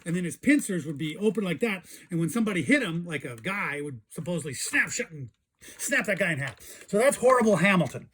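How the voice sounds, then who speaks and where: A man's voice: high voice, big pitch swings, a little fast, fairly bright tone, a little hiss or hum. A man hosting a casual show-and-tell about old toys, chatty and enthusiastic. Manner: enthusiastic, chatty, imitates toy sounds. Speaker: toy collector host.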